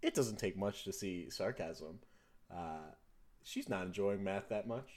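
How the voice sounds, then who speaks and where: A man narrating as game master in a tabletop game, in a relaxed, hesitant way. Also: deep voice, unhurried.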